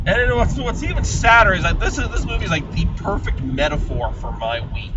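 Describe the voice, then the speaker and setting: A man giving a sarcastic, exasperated film review while driving, swinging from low grumbling to loud ranting. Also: big pitch swings, quick pace, hardly any pauses. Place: inside a car. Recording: lo-fi, distant, road noise.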